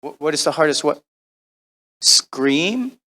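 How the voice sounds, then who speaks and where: Animated man telling stories. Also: on the high side, takes it slowly. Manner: animated, chatty, acts out quoted voices. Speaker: voice actor guest on a convention panel. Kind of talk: convention panel Q&A storytelling. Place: convention panel room.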